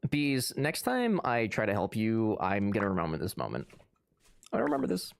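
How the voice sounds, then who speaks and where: A man's voice: on the low side, huge pitch swings, a little slow, gravelly, a little hiss or hum. A man streaming live, chatting casually and answering his chat with sarcastic, joking banter.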